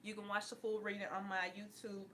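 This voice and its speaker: Woman, bright voice, casual live-stream reading, preachy, profane, laughs often. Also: medium pitch, level tone, fairly quick, a little hiss or hum. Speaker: online spiritual reader.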